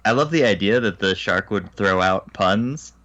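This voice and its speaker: A man's voice: fairly low pitch, lively intonation, moderate pace, pushed and bright, no room sound, highs cut off. A man co-hosting a podcast, chatting casually and dropping dry, amused asides. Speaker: podcast co-host. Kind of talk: casual chat.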